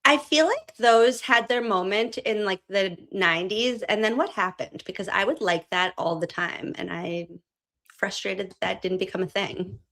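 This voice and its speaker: A woman's voice: mid-range voice, moderate pace, a bit bright. A woman hosting a casual chat, teasing her guest and laughing often. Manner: giggly, laughs often and teases. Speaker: host.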